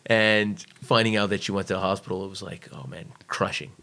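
Blunt, profane American man, low voice. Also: fairly even intonation, brisk, sharp tone. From United States. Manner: blunt, profane, emphatic, acts out quoted voices. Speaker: guest, former navy serviceman and trainer. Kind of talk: casual storytelling in a podcast interview.

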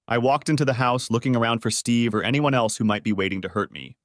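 A man's voice: medium pitch, fast, no room sound, studio quality. A man narrating a dramatic first-person story for an audiobook.

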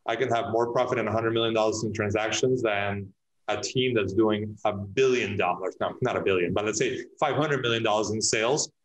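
A man's voice: on the low side, brisk, rough recording. A man, a real estate agent, talking in a casual podcast interview, telling stories with many restarts and acting out his clients' lines.

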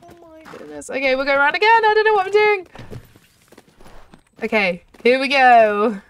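A woman hosting a gaming channel, giving excitable let's-play commentary full of gasps and exclamations. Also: high voice, normal speed, recorded from a distance. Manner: excitable, gushing, lots of exclamations.

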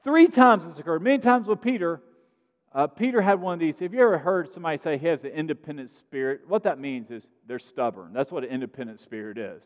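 A man preaching a sermon in a conversational style, growing loud on points of emphasis, in a large church sanctuary. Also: on the high side, animated, fast talker. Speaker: pastor. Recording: long sanctuary reverb.

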